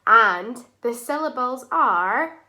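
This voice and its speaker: A woman teaching a phonics lesson to young children, sounding out words slowly and clearly and praising often. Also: on the high side, animated, pushed and bright.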